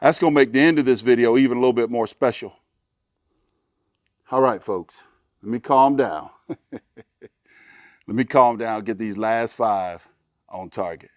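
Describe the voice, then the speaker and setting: A man hosting a shooting vlog outdoors at a range, chatting folksy to viewers and getting excited at good shots. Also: medium pitch, normal speed, long pauses, no echo. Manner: excitable, hollers when shots land. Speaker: shooting channel host. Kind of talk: casual vlog talk to camera.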